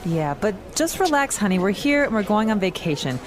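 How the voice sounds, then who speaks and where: An actress playing a calm wife soothing her husband before a trip. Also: medium pitch, a little fast, soft background music, close to an everyday voice.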